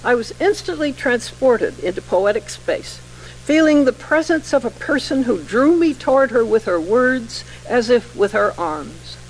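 An older woman, an English professor, giving a formal lecture in a measured, precise and wry manner, reading poetry aloud. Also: a little high, lively intonation, slight background noise, rough recording. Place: lecture hall.

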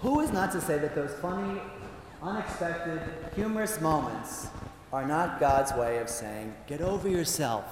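Priest guy doing a funny talk, kinda high voice, tossing asides to the crowd, big echoey room. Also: expressive, a little slow. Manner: playful storyteller with frequent asides. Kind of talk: humorous spoken talk to an audience. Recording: roomy hall reverb, faint background noise.

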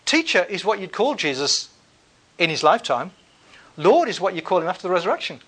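A man with a high-pitched voice teaching a class in a loose, thinking-aloud way. He fills pauses and restarts his sentences often, and keeps a wry, relaxed tone throughout. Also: husky. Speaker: lecturer. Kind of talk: classroom lecture.

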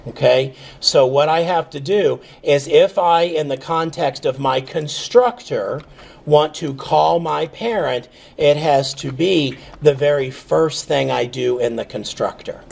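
Guy walking through code slowly, husky gravelly voice, keyboard clacking now and then. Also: on the high side. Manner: relaxed, thinking aloud with fillers and "okay?" checks. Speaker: programming instructor. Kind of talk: screen-recorded coding lecture.

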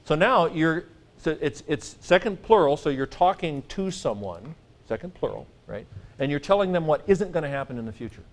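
A man teaching a Greek grammar class, lecturing in a lively, joking way and stressing his points. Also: a little high, moderate pace. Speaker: Greek professor.

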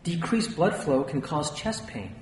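A man's voice: fairly high pitch, very animated, a little slow. A man narrating a first-person memoir in a tense storytelling manner. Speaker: audiobook narrator. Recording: roomy, distant, faint hiss.

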